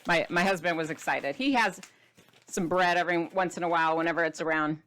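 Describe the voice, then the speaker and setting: A woman's voice: lowish voice, fairly quick, fairly bright tone. Chatty, playful woman food vlogger. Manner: chatty and playful, with dramatic whispers and squeals. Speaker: keto diet author and host. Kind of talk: casual food vlog, showing items to camera.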